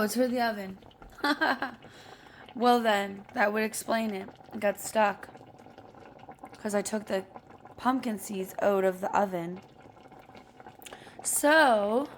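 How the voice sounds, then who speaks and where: A woman's voice: medium pitch, slight background noise. A woman vlogging from her home kitchen while baking, chatty and playful, laughing often. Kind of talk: casual kitchen vlog.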